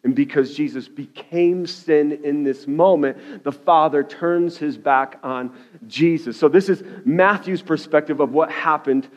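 A man preaching a sermon as a pastor in a church, fervent and loud at the climaxes, with "okay?" asides. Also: on the high side, unhurried. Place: church sanctuary. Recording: dull lo-fi audio.

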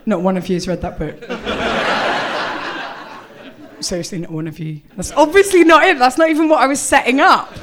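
A woman's voice: fairly high pitch, normal speed, long pauses, heavy background noise. A British woman doing a live stand-up set, rambling and self-mocking, slipping into fake-solemn quotes and giggly asides. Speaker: stand-up comedian. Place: comedy club stage in front of a live audience. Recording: live room with loud crowd laughter.

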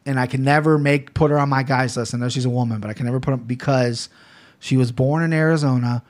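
A man's voice: medium pitch, steady tone, fast. A man hosting a podcast, chatting casually in a rambling, profane way. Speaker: podcast host. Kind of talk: casual chat.

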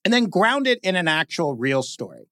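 Animated man with a lively pitch. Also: normal speed, dry recording, studio quality. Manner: lively, mimics stiff announcer voices, says "like" often. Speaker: guest speaker, podcast creator. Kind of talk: animated conversational talk.

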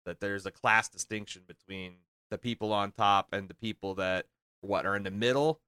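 A man talks film on a podcast, eager and rambling, restarting his sentences as ideas pile up. His voice sits a little low but rings bright and crisp. The sound is dry and close to the mic. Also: moderate pace, no room sound. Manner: enthusiastic, rambling with many fillers and restarts. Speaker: podcast co-host discussing a film. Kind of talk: casual chat.

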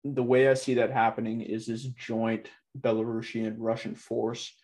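A man talking in a loose, casual way, full of fillers like "like" and "you know", in a relaxed discussion. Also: mid-range voice, a little slow.

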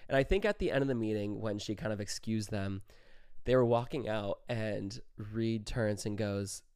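A man's voice: lowish voice, normal speed, a little mellow, clear, resonant tone, no room sound, studio quality. Laughing young man telling a story. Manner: laughs through his story, swears freely, lots of "like". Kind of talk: casual storytime.

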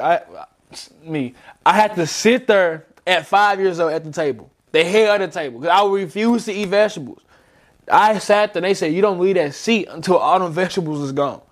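High-voiced young man, animated storyteller. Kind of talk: casual chat.

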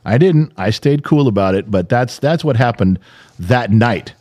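A man's voice: medium pitch, animated, normal speed, mellow. A middle-aged man co-hosting a podcast, telling a story in casual chat, profane and exasperated, acting out what people said. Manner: profane, exasperated, acts out quotes. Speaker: podcast co-host.

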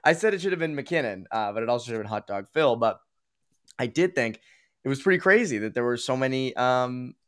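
A man's voice: medium pitch, animated, a little fast, a bit bright, clean tone. A man from the Boston area hosting a casual sports talk podcast, rambling with lots of fillers and restarts. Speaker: podcast host.

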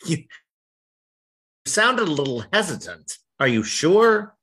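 A man's voice: a little high, very animated, slow, pushed and bright, a little hiss or hum. A man co-hosting a podcast in casual chat, teasing his partner with dry, mock-dramatic asides. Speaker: podcast co-host.

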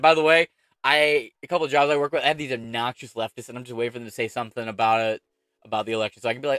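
A man's voice: medium pitch, fairly even intonation, very fast, a bit bright, no echo, studio quality. A man hosting political commentary, reading an article aloud and ranting over it with heavy swearing and sarcasm.

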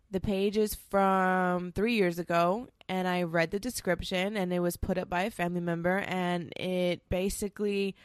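Woman host, solo casual storytelling, low-ish voice, dry close sound, candid and chatty. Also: clear, resonant tone, dry recording. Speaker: podcast host.

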